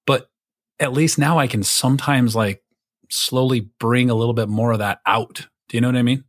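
A man's voice: mid-range voice, steady tone, moderate pace, no room sound. Casual rambling man, dry close sound. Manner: rambling, lots of fillers and restarts; swears casually. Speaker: podcast co-host. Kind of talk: casual chat.

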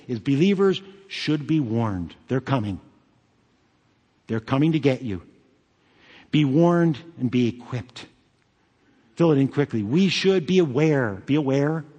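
A man's voice: on the high side, darkish tone. A man pastor preaching a sermon emphatically, with joking asides. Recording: long hall reverb.

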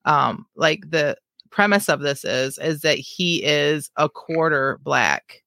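A woman's voice: sits low, lively intonation, slow, vocal fry, sharp tone, dry recording, clean studio sound. A woman co-hosting a podcast, chatting casually and laughing, who reads her own fiction aloud. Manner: chatty, self-deprecating, laughs easily. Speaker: podcast co-host.

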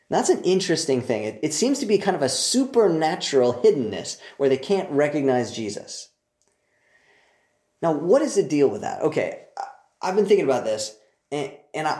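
A man's voice: fairly high pitch, mellow. A man teaching a Bible passage in a casual, enthusiastic way, full of joking asides. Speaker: preacher. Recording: roomy echo.

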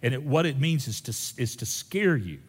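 A pastor delivers a folksy sermon, his pitch leaping and dipping as he preaches. He moves from loud, punchy stretches to quiet, hushed ones. His voice carries a long reverb through a big church sanctuary. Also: moderate pace, breathy edge. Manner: folksy, animated, swings between loud and hushed. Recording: long reverb in a large hall.

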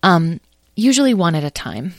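A woman's voice: fairly low pitch, sing-song, normal speed, no echo, studio quality. A woman voicing a helpful girl patiently explaining a custom for a storybook. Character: helpful girl who knows human customs.

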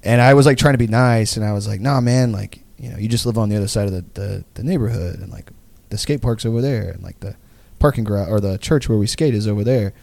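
A young man co-hosting a podcast rambles through a long story in a casual way, packing it with "like" fillers and profanity and laughing often. His voice is lowish, fast, gravelly, and darkish, recorded with no room sound.

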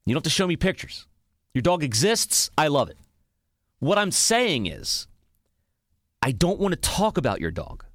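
Young male podcast host, lively swooping delivery, profane mock rant, dry close sound. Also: fairly high pitch, moderate pace, pauses often, no echo. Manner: animated, profane, mock-ranting. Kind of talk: casual comedic monologue.

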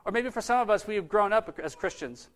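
Guy preaching a sermon, high voice, chatty, asks the crowd stuff. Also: expressive, quick pace, fairly bright tone. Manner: conversational, asks the audience questions.

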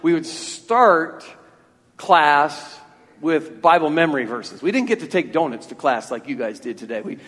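This pastor's voice is fairly high and a bit bright, animated but delivered at a measured pace. He preaches earnestly and freely from the church sanctuary, frequently restarting thoughts by repeating words, all under a long church reverb.

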